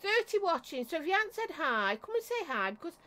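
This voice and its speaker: A woman with a very high, sing-song voice talks quickly in a bright, forceful tone. She's a vape reviewer hosting a chatty, affectionate home live stream, naming viewers as she greets them and frequently coughing and clearing her throat.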